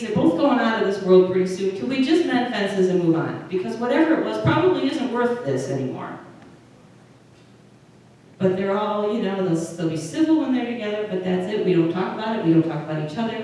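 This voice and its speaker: A woman's voice: mid-range voice, lively intonation, brisk, mellow. A woman pastor giving a conversational sermon, often stopping and restarting her phrases. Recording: distant mic in a very echoey room with faint noise.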